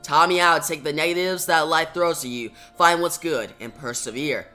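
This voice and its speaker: A reviewer reading a calm kind male hero. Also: moderate pace, faint music behind, natural voice. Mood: earnest. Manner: read out plainly, a little lower and softer.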